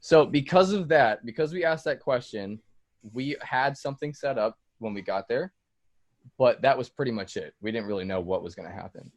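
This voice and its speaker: A man's voice: mid-range voice, normal speed, dry recording. Laid-back man telling producer stories in a dry room. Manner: loose storytelling, swears freely, fillers like "like" and "dude". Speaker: music producer guest. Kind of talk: casual podcast chat.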